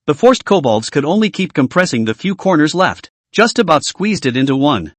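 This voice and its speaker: A man narrating a comic recap in a lively, dramatic way. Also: on the high side, moderate pace, few pauses, dry recording.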